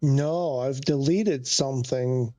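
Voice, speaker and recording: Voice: mid-range voice, takes it slowly, warm tone, no room sound. A flight sim streamer talking to themselves during live gameplay, muttering, sighing often and getting easily frustrated.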